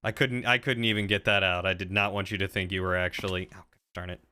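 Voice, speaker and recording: A man with a bright, crisp voice chats casually on a stream with a friend. His pitch sits a bit low, and he keeps the talk friendly and joking. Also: steady tone, quick pace. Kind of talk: casual chat.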